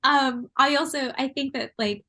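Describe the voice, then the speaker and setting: A woman's voice: high-pitched, fairly even intonation, moderate pace, bright, forceful tone. A woman guest on a podcast, chatting casually and thoughtfully about everyday life, laughing often. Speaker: artist and designer, podcast guest. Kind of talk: casual chat. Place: New York.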